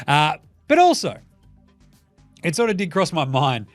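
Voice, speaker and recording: A man's voice: a little high, wildly swooping pitch, unhurried, no echo, faint music behind. A man with an Australian accent hosting a comedic sports show, swearing freely and acting out the people he talks about. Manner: swears freely, acts out quoted people mid-rant. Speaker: host.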